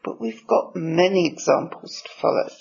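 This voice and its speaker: A man preaching a sermon. He reads scripture in a measured way and explains it. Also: high voice, vocal fry, a little mellow, breathy edge. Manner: measured, slow reading of scripture. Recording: dull lo-fi recording.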